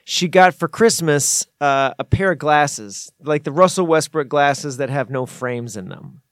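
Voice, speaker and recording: Man, podcast co-host, higher voice, playful, rambling, dry close mic. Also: measured pace, no echo. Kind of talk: casual chat.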